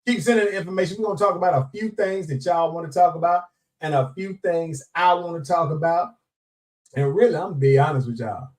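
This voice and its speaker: In a casual live-stream chat, a man with a highish voice speaks at a quick pace, greeting viewers by name and laughing frequently. He's animated and playful, using Southern Black vernacular, and sits somewhat far from the microphone.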